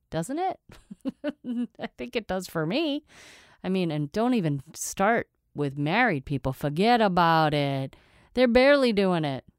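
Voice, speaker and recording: A woman's voice: fairly low pitch, a little mellow, clear, resonant tone, dry recording, clean studio sound. A middle-aged woman hosting a casual solo monologue, candid and playful, with chatty asides.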